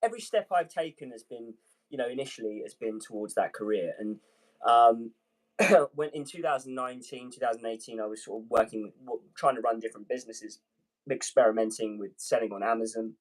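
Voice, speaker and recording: A man's voice: mid-range voice, fairly quick, low-quality recording. A British man, a guest on a casual livestream, telling his story in an earnest, winding way. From Britain. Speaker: guest, airline pilot.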